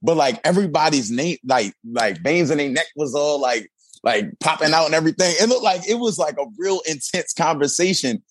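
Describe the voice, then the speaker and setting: A man with a somewhat high, breathy-husky voice chats in a casual interview. He tells his stories with energy, filling them with "like" and "you know." The sound is close and dry. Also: brisk, no echo. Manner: animated storytelling with many fillers. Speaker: reality dating show cast member.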